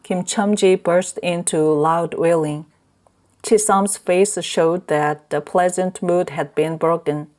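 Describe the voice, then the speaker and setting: Slow, low-voiced woman narrator. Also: steady tone, a little mellow. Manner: slow, measured reading. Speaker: audiobook narrator. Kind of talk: scripted narration.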